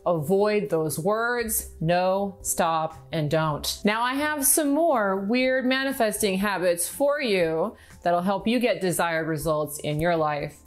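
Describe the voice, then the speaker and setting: A middle-aged woman coaching on manifestation in an upbeat, instructive vlog style, slowing down to stress key words. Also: medium pitch. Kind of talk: direct-to-camera teaching vlog.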